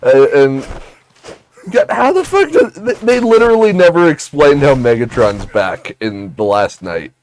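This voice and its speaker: A man's voice: medium pitch, very animated, measured pace. A man chatting casually on a stream with a friend, giving short replies and profane quips. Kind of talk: casual gaming-stream chat.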